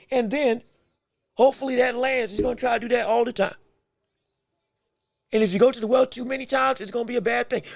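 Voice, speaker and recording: A man's voice: very high voice, gravelly, no echo. A man hosting a podcast, giving emphatic live fight commentary with repeated phrases and joking banter with the chat. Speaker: podcast host.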